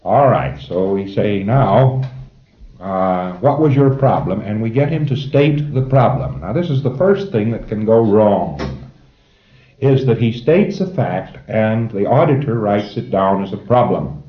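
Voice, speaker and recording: A man's voice: lowish voice, expressive, measured pace, echoey room, lo-fi sound. A man giving an informal lecture to a class of trainees, emphatic and wry, chuckling at his own jokes.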